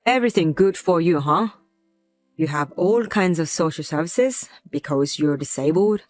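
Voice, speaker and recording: A woman's voice: low voice, moderate pace, dry recording, faint music behind, lightly acted. A woman voicing a resentful adult husband who talks in a curt, contemptuous way in a scripted drama.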